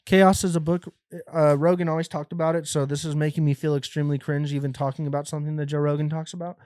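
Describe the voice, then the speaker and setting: A young American man hosting a comedy podcast, rambling through a profane, animated monologue full of restarts. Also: on the high side, fast talker, smooth, dry recording, studio quality. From United States. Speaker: podcast host.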